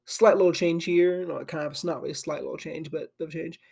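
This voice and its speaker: A man's voice: fairly high pitch, steady tone, fast, gravelly, a little mellow, slightly rough. A young man hosting an anime channel, recorded at his home desk on camera, retelling a story in a loose, sleepy, rambling way full of "like" and restarts. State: sleepy and yawning.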